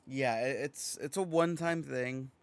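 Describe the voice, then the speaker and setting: A man's voice: mid-range voice, moderate pace, vocal fry, clear, resonant tone, no room sound. Rambling podcast co-host, a man. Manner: relaxed and rambling, swears casually. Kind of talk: casual chat.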